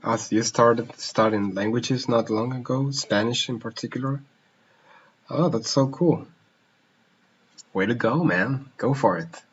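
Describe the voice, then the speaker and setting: A man's voice: mid-range voice, unhurried, pauses often, slightly rough. Man chatting on a language stream. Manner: switches languages mid-sentence, reads questions aloud. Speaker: polyglot streamer answering viewer questions; language teacher. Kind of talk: casual live Q&A. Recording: slightly dull lo-fi stream audio.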